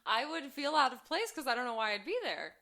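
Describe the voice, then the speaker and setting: A woman's voice: high voice, sing-song, fast talker, sharp tone. Dry, self-deprecating woman podcast co-host. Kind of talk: casual chat.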